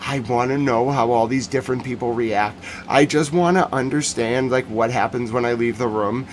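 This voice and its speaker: A man hosting a casual livestream news recap, talking in an animated, joking, rambling way. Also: medium pitch, normal speed, slight background noise. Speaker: news commentary host.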